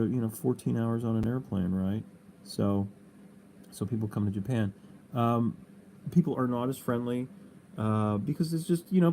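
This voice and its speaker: Rambling, profane middle-aged man, mellow tone. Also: medium pitch, a little hiss or hum. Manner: rambling and profane, heavy on "you know". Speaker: livestream host. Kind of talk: casual livestream chat.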